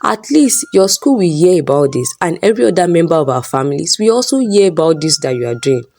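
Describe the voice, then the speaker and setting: A woman's voice: on the low side, very animated, brisk, darkish tone. A woman voicing a betrayed wife who scolds her husband with scorn. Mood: angry. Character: angry betrayed wife, sharp-tongued.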